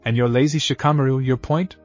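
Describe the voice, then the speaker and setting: A man's voice: medium pitch, fairly even intonation, fast, close to an everyday voice. A man voicing a brash, teasing teenage boy ninja in his own plain voice, muffled, with faint music behind. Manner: teasing, grinning.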